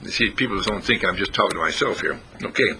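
A man's voice: deep voice, quick pace, pushed and bright, slight background noise. A man giving an informal spiritual talk to a small group, asking his listeners questions and chuckling often. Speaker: spiritual teacher.

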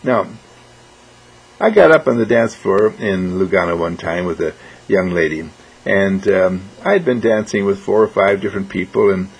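Gravelly, husky man giving a motivational talk. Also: deep voice, moderate pace, low-quality recording. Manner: animated, acts out quoted voices; frequent throat clearing. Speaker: motivational speaker.

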